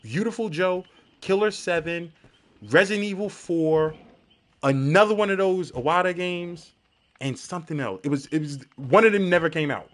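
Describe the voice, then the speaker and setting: A young man streaming a game and ranting to his chat, animated and profane as he talks. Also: high voice, moderate pace. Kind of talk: live-stream gaming commentary.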